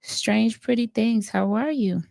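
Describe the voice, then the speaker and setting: A woman doing a slow, gravelly, gentle greeter. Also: a little high, no echo, clean studio sound, voice pushed down. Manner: slow, hesitant, full of ums and uhs. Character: impression of a soft-spoken gentle woman greeting viewers. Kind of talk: live stream impression.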